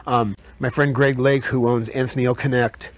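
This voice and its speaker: A man guest in a casual interview at a kava bar. He talks in halting bursts and often repeats words while he searches for phrasing. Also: mid-range voice, little pitch movement. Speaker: guest, herbal medicine maker.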